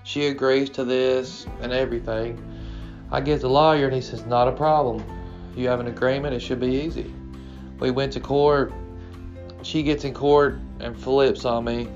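Man, 30s, from Kentucky, earnest first-person storyteller, dull lo-fi track, soft guitar under. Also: medium pitch, fairly even intonation, normal speed. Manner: plain, earnest storytelling with quoted dialogue. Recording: dull lo-fi recording with faint guitar music.

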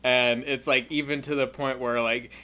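A woman's voice: extremely low pitch, little pitch movement, moderate pace, a bit bright. A woman co-hosting a podcast in casual chat, laid-back and laughing along. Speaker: podcast co-host.

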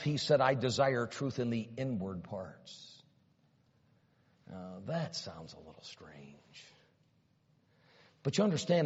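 This slightly rough, mid-range voice belongs to a pastor preaching in a large church, where the recording sounds dull and reverberant. He moves from hushed near-whispers to loud, emphatic runs, repeating words and heaping up rhetorical questions.

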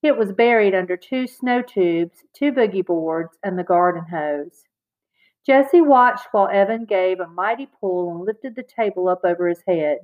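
A woman's voice: mid-range voice, normal speed. Woman reading a children's story aloud. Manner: clear, expressive read-aloud. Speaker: narrator. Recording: slightly dull, lo-fi recording.

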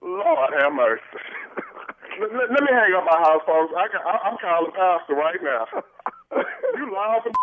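High-voiced sassy man on a phone line, defiant, dramatic delivery. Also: big pitch swings, measured pace, long pauses, background noise. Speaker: choir director being pranked. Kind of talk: heated phone call.

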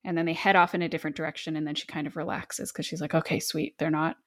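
A woman's voice: deep voice, very fast. A woman chatting casually about a book, animatedly quoting the characters. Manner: animated, quotes characters dramatically. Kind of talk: casual chat retelling a book.

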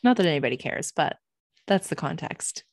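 Low-voiced young woman, swearing storyteller. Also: brisk, dry recording, clean studio sound. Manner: swears freely, animated storytelling with quoted voices. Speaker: podcast co-host. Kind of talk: casual chat. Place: home.

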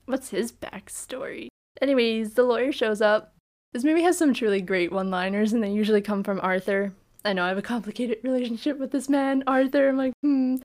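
A woman's voice: a little high, a little fast, darkish tone. A woman co-hosting a podcast, chatting casually about a film, laughing and acting out its lines. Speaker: podcast co-host. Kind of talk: casual film review chat.

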